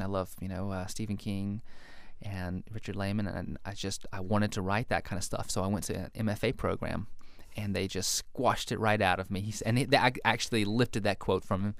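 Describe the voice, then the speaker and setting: A young novelist, a man, speaks low and smooth into a close, dry mic. He talks about his writing in a relaxed, self-deprecating way and laughs at his own early work. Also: dry recording. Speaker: novelist guest. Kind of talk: interview, reading his own story aloud.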